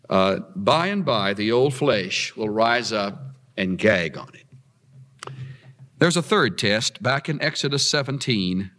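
A male preacher delivering a sermon at an unhurried pace, his voice swooping up and down with animated emphasis. He reads passages aloud, then explains them, often pushing his pitch high on key words. A long reverb trails his voice as if in a large hall.

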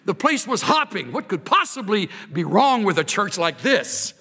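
A man preaching a sermon in an animated, emphatic way, building intensity as he explains a scripture passage. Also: high voice, moderate pace, breathy edge. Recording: reverberant hall.

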